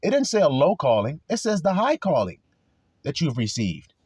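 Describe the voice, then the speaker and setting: A man delivers a sermon in a husky, slightly raised voice that rises and falls with lively swings. He talks bluntly, with plenty of swearing. The sound is close and dry. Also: on the high side, normal speed, no echo. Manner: blunt and profane, acts out quarrels in voices. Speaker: preacher.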